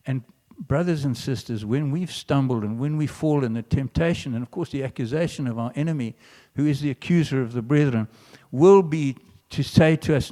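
A man's voice: mid-range voice, normal speed, hardly any pauses, warm tone. Earnest preacher man in a reverberant hall. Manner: earnest, with restarts, builds to emphatic quoted lines. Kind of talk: sermon.

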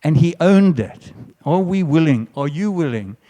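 A man's voice: fairly high pitch, animated, moderate pace, warm tone. Earnest preacher man in a reverberant hall. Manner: earnest, with restarts, builds to emphatic quoted lines. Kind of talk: sermon.

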